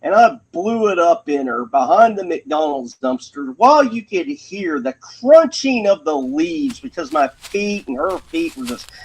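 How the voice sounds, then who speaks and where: A man's voice: on the high side, a little mellow, breathy edge, rough recording. A man telling a crude personal story in a rambling, profane way, laughing as he goes.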